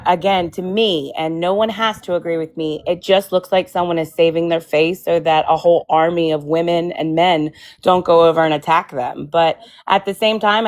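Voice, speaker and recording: A woman giving her blunt opinion in a casual group chat, swearing and apologizing in the same breath. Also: fairly low pitch. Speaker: live stream participant.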